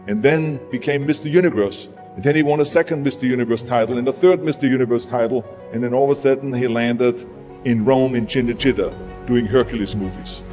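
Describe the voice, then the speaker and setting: A man with a German accent and a medium-pitched, slightly mellow voice gives a motivational speech, speaking emphatically and repeating words for punch. Long hall reverb surrounds him, with music playing behind.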